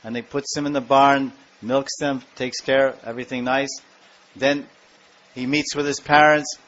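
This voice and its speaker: A man giving a devotional lecture, telling stories in an animated way and acting out the scenes. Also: medium pitch, measured pace. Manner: animated storytelling, acts out scenes. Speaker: spiritual lecturer. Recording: dull lo-fi lecture recording.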